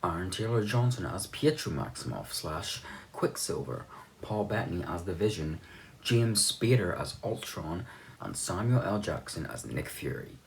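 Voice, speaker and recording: A man's voice: sits low, sing-song, normal speed, vocal fry, slight background noise. A young man giving a rambling, offhand recap of a movie's plot, swearing now and then. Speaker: movie reviewer.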